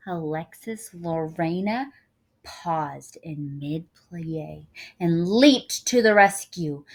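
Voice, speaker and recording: A woman reading a picture book aloud with lively expression, dropping casual asides to her listeners. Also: lowish voice, slightly rough. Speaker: storyteller.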